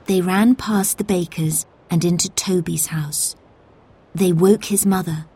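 A woman narrating a children's storybook in a clear, measured way. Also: lowish voice, steady tone, dark tone.

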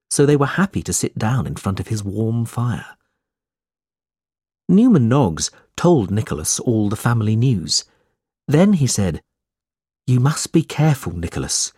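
Male narrator, slow, husky, lively pitch, dry close sound, storybook reading. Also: no room sound. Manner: slow, clear, expressive reading.

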